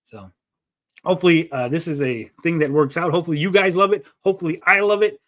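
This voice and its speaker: A man's voice: on the high side, fast, a bit bright. A man hosting a casual livestream, rambling and joking as he reads out chat messages. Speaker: livestream host.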